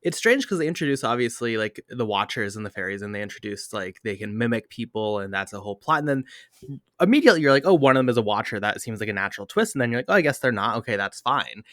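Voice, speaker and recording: Man, middle pitch, dry close sound, podcast host steering a film discussion. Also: pushed and bright, dry recording. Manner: steers the talk, asks the others questions. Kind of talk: casual film review chat.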